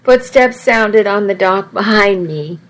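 A woman's voice: mid-range voice, measured pace, poor audio. A woman reading a first-person story aloud in a wry, conversational way. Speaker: audiobook narrator.

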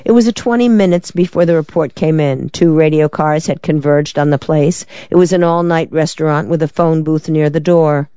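An audiobook narrator reading a crime story in an even, measured way. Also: mid-range voice, clean tone, no room sound, lo-fi sound. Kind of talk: scripted narration.

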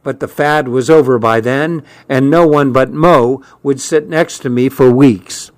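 Male narrator for a first-person novel: measured, slow delivery, dry booth sound. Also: medium pitch, no room sound. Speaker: audiobook narrator.

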